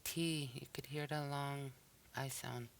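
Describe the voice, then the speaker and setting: Very slow, careful language teacher. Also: mid-range voice, steady tone, creaky, a little hiss or hum. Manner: repeats each word slowly and carefully. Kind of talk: recorded pronunciation lesson.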